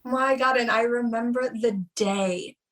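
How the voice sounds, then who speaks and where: Female guest in her 30s, slightly high voice, animated and giggly in loose chat. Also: measured pace. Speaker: songwriter guest. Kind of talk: casual gossip chat.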